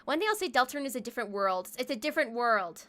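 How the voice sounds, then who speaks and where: Playful high-voiced woman streamer. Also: sing-song, racing, fairly bright tone. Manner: playful, chatty with viewers. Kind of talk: casual gaming livestream chat. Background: faint game music.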